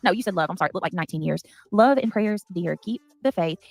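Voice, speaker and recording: A woman's voice: lowish voice, expressive, fast talker, vocal fry, no echo. A woman chatting casually on a livestream, reading out and thanking donations.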